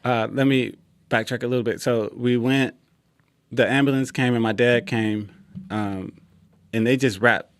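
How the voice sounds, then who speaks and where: A young man, a guest in an interview, telling a personal story in a relaxed way and acting out quoted lines. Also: medium pitch, unhurried, clear, resonant tone, no echo, studio quality. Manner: relaxed, acts out quoted dialogue.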